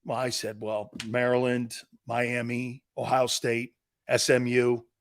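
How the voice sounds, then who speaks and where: A middle-aged man hosting a sports talk show in casual chat, animated and loud at times, rambling and calling out to his crew. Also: mid-range voice, slow. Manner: animated, loud bursts, calls out to studio crew; rambling, repeats words and restarts.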